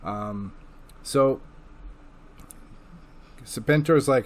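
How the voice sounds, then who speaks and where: A man's voice: medium pitch, moderate pace. A man giving a loose, casual recap of comic books he has read, full of filler words and swearing. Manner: loose and profane, with filler words and acted-out quotes. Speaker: comic book reviewer.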